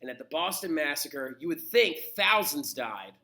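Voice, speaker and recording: A man's voice: fairly high pitch, very animated, moderate pace, gravelly, bright, forceful tone. A man teaching a history lesson in a casual, chatty way, often checking in with "right?". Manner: chatty, keeps asking "right?". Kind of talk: casual classroom lecture.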